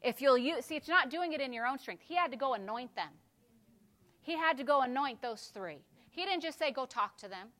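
A woman pastor delivers a sermon in a bright, somewhat high voice. She moves between soft, hushed passages and loud, fervent exhortation, with an edge of tension in her tone. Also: animated, brisk.

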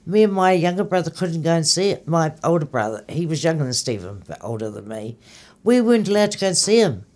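A man chats casually, his voice sitting a little higher than most. He rambles, drifting off into personal stories. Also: sing-song, fast, a little mellow. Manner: rambling, storytelling tangents. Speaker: co-host. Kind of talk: casual chat.

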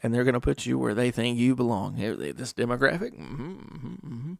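A middle-aged man talks through a rambling, wry podcast monologue and slips into mock voices. His voice is gravelly at a middle pitch. The recording is dry and close. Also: quick pace, darkish tone, no room sound. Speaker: podcast host. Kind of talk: casual monologue.

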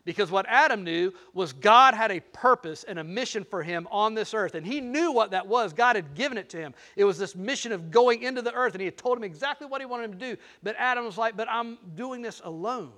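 A man's voice: high-pitched, expressive, quick pace, hardly any pauses, bright, forceful tone. An older man preaching a sermon, playful and teasing, talking straight to the crowd. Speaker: pastor.

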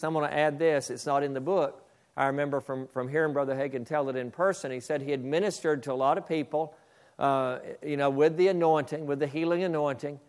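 A man's voice: on the high side, steady tone, a little fast, a little mellow, clear, resonant tone. A male pastor preaching a sermon, reading a story aloud and calling on his congregation to pay attention. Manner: emphatic, calls on the congregation.

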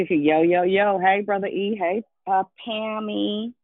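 A woman's voice: mid-range voice, fairly even intonation, slow pace, no echo. A woman leads a prayer call, preaching with fervor before trading playful greetings with callers. Her voice comes through a dry, narrow phone line. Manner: fervent, informal, playful with callers.

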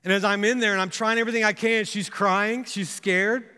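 High, bright-voiced man preaching in a hall. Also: fairly even intonation, brisk, smooth. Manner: earnest storytelling, building to impassioned pleas. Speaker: pastor. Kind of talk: sermon with personal story. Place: church sanctuary. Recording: long reverb of a church hall.

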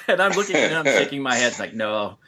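A man telling a story on a podcast in a lively, animated way. He talks at a middling pitch, laughs often and trips over his words while he chats. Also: quick pace. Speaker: podcast co-host. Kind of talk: casual chat.

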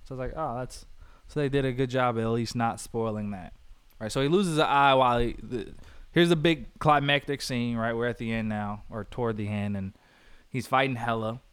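A man co-hosting a casual movie review podcast, talking in an animated way, laughing often and acting out lines from scenes. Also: mid-range voice, moderate pace, smooth, no echo. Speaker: podcast co-host.

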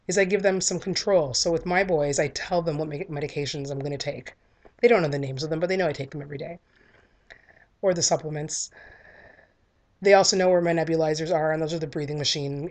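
A woman's voice: sits low, a little mellow. A woman in her thirties giving a candid, earnest talk that tells a personal story in a conversational way. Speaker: speaker sharing a personal story.

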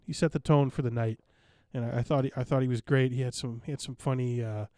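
A man's voice: medium pitch, fairly even intonation, fast, a little mellow, dry recording, studio quality. A man in casual podcast chat, recounting a night out with enthusiastic, rambling talk full of fillers.

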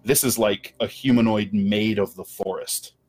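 A man narrating as game master of a tabletop game, describing scenes slowly with pauses and fillers. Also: fairly low pitch, fairly even intonation, darkish tone. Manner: slow, descriptive, hesitant with fillers.

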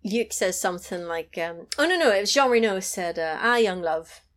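A woman recounting a film to a friend in an easy chat. Her telling is animated and full of asides, with the odd swear word and a quick laugh. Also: mid-range voice. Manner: animated storyteller who swears and laughs easily. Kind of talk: casual chat, retelling a film.

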